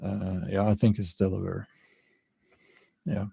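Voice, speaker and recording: A man with a non-native English accent, hosting a casual livestream and answering chat comments in a halting way, with many fillers and frequent chuckles. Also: deep voice, completely flat delivery, vocal fry, warm tone, slightly rough, no room sound. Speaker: channel host answering live chat.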